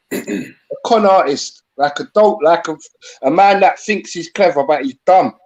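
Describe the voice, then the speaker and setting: A man's voice: fairly high pitch, unhurried, a little mellow. A man on a live panel, mocking and insulting the guest in a dismissive tone. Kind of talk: heated live panel argument. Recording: dull lo-fi call audio.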